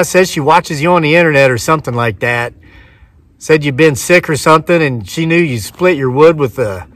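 A man's voice: medium pitch, a bit bright, no room sound, recorded from a distance. A man in his forties, a homesteading vlogger, retelling a story to camera outdoors and acting out both sides of the dialogue. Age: 40s.

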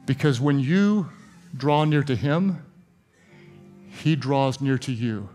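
A man's voice: medium pitch, expressive, slow pace, mellow, faint music behind. A middle-aged man preaching as a pastor, telling stories earnestly and then praying with growing fervor. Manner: earnest storytelling, rising to fervent prayer. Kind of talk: sermon and prayer.

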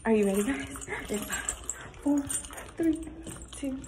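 A young woman vlogging casually outdoors, chatty and excitable, talking straight to her viewers on a handheld phone. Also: sits high, measured pace, background noise. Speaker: lifestyle vlogger. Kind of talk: casual vlog tour. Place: outdoors, rooftop and parking area.

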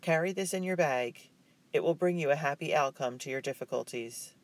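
A man's voice: on the high side, brisk, natural voice. A man voicing a stern, wise old grandmother in an audiobook, speaking firmly and with command. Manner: firm, commanding.

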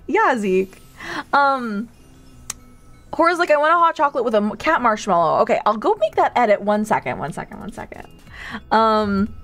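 A woman's voice: medium pitch, a bit bright. A woman hosting a playful cafe role-play stream, giggling often and talking sweetly to her viewers. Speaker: streamer host.

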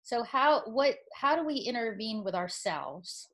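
A woman's voice: fairly high pitch, lively intonation, a little slow. Chatty woman asking questions. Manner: conversational, questioning. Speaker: webinar host. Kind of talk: webinar conversation.

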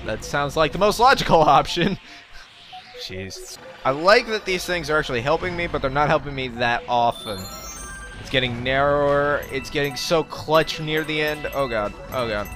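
Lively jokey young man commentating gameplay. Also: fairly high pitch. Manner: rambling, jokey, yelps in panic. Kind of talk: let's play commentary.

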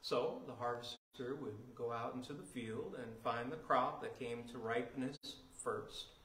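Speaking a little slowly in a medium-pitched, fairly bright voice, a pastor preaches in a church sanctuary. His conversational take on scripture is laced with "uh" and "you know" and builds toward emphatic declarations. The recording is low quality with a roomy sound.

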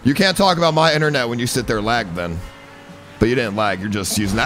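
A young man streaming a racing game, trash-talking and swearing at his friends, often yelling when things go wrong. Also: medium pitch, fast talker, loud music behind the voice. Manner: yells when the race goes badly. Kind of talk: gaming stream chat.

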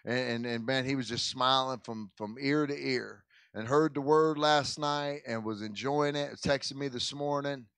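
Speaking in an unhurried, fairly even, medium-pitched voice with vocal fry and few pauses, a man pastors his congregation in a church sanctuary. The tone is clean and a bit bright and the recording dry. His informal talk and prayer is folksy, full of stumbles, repeats and restarts, plus plenty of "man" and "amen."

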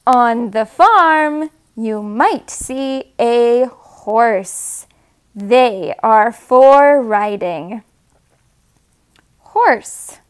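A woman reads farm picture books to toddlers, high-pitched and sing-song. She goes very slowly, pausing over each word and making animal sounds for the little ones. The tone is gentle and encouraging, like a storytime leader. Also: animated, clean tone.

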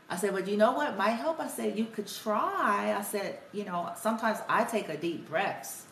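A spiritual healer and parent vlogger tells a reflective, casual story about her parenting, quoting her son and herself along the way. Her medium-pitched voice is lively, creaky, a bit bright, at normal speed with few pauses. She's somewhat off-mic in an echoey room, with faint ambience and a little hiss or hum.

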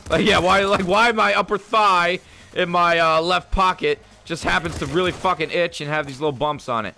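A young man streaming a video game, talking casually with a profane, excitable manner and laughing often. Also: high-pitched, moderate pace, slight background noise. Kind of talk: casual livestream commentary.

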